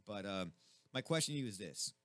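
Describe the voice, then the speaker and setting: A man hosting a radio show in a studio, chatting casually and excitedly, swearing constantly. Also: on the low side, fairly quick, dry recording.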